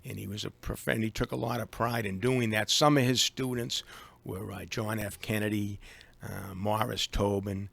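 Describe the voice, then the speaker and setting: Boston guy with a low gravelly voice, lots of uh's and restarts, radio guest. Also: little pitch movement, normal speed, fairly bright tone. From Boston, USA. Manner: hesitant, many fillers and restarts. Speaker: guest, attorney. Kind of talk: radio interview. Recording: live AM radio studio.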